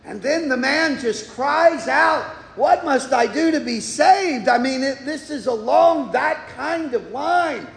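High-pitched preacher in an echoey hall. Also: male voice, creaky. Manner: animated, rhetorical, voices imagined listeners. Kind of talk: sermon. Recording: echoey hall, far from mic.

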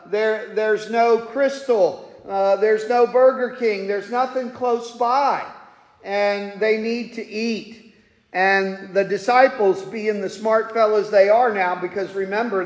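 A man preaching a sermon to his congregation as their pastor, folksy and jokey in his asides. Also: sits high. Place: church sanctuary. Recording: echoey hall.

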